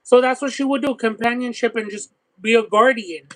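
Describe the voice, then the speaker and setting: A man chatting casually on a livestream, talkative and expressive, who swears now and then and keeps saying "you know what I mean.". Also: very high voice, fairly quick, poor audio. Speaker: streamer reading chat.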